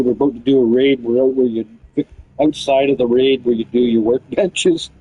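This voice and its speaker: A man's voice: mid-range voice, mellow, slightly rough, dry recording, low-quality recording. A man telling a long, meandering story about other players in casual chat, swearing freely. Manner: loose, meandering, peppered with swearing and fillers.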